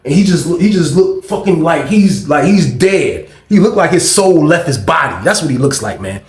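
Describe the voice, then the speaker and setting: A man hosting his channel, telling a storytime tale in an animated, profane street style. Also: on the high side, moderate pace. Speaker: channel host. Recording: echoey room.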